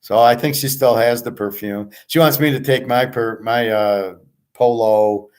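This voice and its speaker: A man's voice: medium pitch, steady tone, unhurried, darkish tone. A man hosting his own channel, chatting casually and rambling as he talks straight to a listener. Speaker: channel host. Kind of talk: casual rambling chat to viewers.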